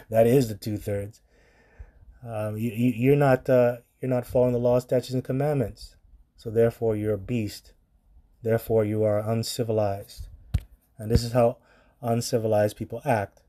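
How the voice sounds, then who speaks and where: A man's voice: medium pitch, steady tone, normal speed, dark tone. A man preaching on scripture in a blunt, profane commentary style, reading verses aloud and reacting to them.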